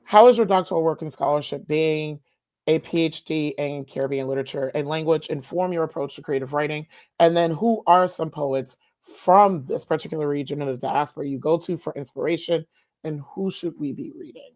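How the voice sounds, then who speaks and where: Woman host asking measured questions. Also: low-pitched, a little mellow, no echo. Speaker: podcast host. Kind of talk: interview questions.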